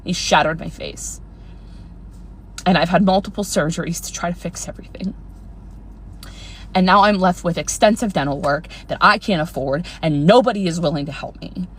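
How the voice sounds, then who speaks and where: A woman's voice: lowish voice, normal speed, long pauses, slight background noise. A woman telling a heavy personal story, overwhelmed and close to tears, earnest and rambling, cursing for emphasis. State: on the verge of tears.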